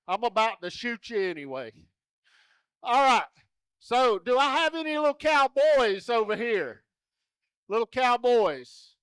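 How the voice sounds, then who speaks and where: A man's voice: very high voice, a bit bright, clean tone, no room sound, studio quality. A man at a rodeo arena, coaxing children into a contest in a folksy, joking way over a handheld mic. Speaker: rodeo entertainer running a kids' contest. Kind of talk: lively arena crowd-work.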